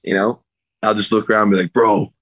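Guest spot: easygoing man with a deep voice, dry close sound, remote call, loose storyteller who laughs a lot. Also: little pitch movement, quick pace, a bit bright, breathy edge, no room sound. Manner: laid-back, rambling, chuckles often. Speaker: podcast guest. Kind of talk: casual storytelling chat.

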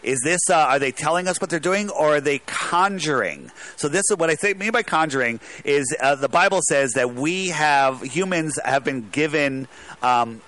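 Guy calling in, rambly and emphatic, bright edgy tone. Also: a little high, expressive, moderate pace, no room sound. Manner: rambling, emphatic, restarts a lot. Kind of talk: casual talk radio call.

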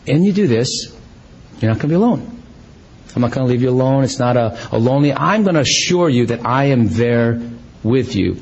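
A middle-aged male pastor preaching a sermon in a conversational, animated way, with self-deprecating humor and frequent restarts. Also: mid-range voice, slight background noise, low-quality recording.

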